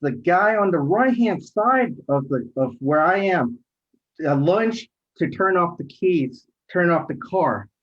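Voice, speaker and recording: A middle-aged man, a rideshare driver, telling a story in casual chat, animated and acting out quoted voices. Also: high voice, slow pace. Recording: dull lo-fi audio.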